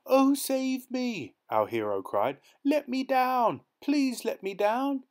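A male narrator voicing a naive young gentleman who shouts and pleads in terror in an audiobook. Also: lowish voice, steady tone, moderate pace, lightly acted. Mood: panicked shouting. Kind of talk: audiobook character voice.

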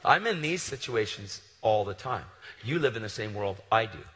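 A male preacher with a fairly low voice and a bright, forceful tone, telling a story in an animated and casual way. His sermon rings out with the long reverb of a big hall. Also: moderate pace, slight background noise. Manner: casual and animated, slangy asides.

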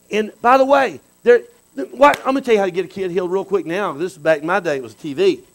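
A man preaching a sermon in a conversational way, dropping to low asides and then bursting into loud exclamations. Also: fast, rough recording. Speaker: pastor.

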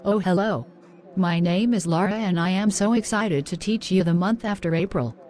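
A woman playing an excited, proud teacher character in a scripted English lesson. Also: on the low side, normal speed, lightly acted. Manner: excited, encouraging.

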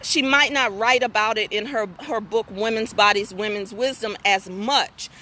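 Candid, bright-voiced woman hosting a live stream. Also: medium pitch, moderate pace. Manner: candid, folksy, animated storytelling with asides to viewers. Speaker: host of a women's talk stream. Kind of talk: casual live-stream talk, reading viewer comments.

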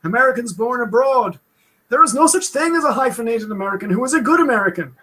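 A man's voice: very high-pitched, animated, fast talker, bright, forceful tone, voice pushed up, exaggerated voice. A man putting on a hammy mock accent to play a blustering early-1900s president giving a speech. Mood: orating.

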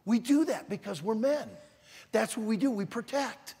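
An older man preaching to a youth conference in a large auditorium, emphatic and shouting his key words. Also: high-pitched, expressive, normal speed, slightly rough. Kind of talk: sermon. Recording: long reverb in a large hall.

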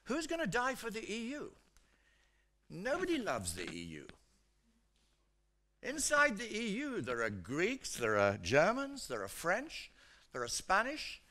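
Lively older British professor lecturing. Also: male voice, high voice, unhurried, long pauses. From Britain. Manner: animated and chatty, frequent "you know" fillers. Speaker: economics professor giving a seminar talk.

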